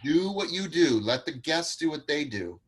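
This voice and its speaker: A man's voice: a little high, very animated, moderate pace, breathy edge. A man teaching an online acting class over a video call, giving direct, encouraging feedback and practical tips to his students. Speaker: acting coach.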